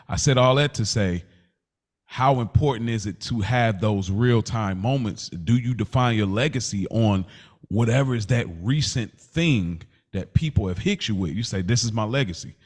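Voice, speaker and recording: A man co-hosting a casual podcast, telling a personal story with emotion and asking reflective questions. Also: fairly low pitch. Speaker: podcast co-host.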